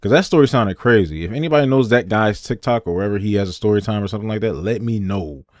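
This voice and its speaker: A man's voice: on the low side, fast talker, darkish tone, no echo, clean studio sound. A man hosting a reaction video, chatting casually and animatedly, sometimes acting out voices to explain.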